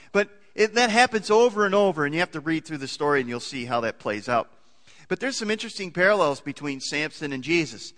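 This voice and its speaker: A pastor delivers a sermon in a church, a man with a bright, slightly high voice. He is animated, lifting and dropping his voice for emphasis and asking the congregation questions. The room around him carries a long reverb. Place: church sanctuary.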